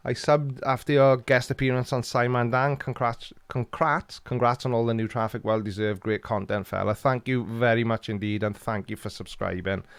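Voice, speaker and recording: A man's voice: mid-range voice, fairly even intonation, normal speed, hardly any pauses, clear, resonant tone, dry recording. A Welsh man hosting a live stream, reading out chat comments with dry, teasing humor. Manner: jokey, dry teasing banter.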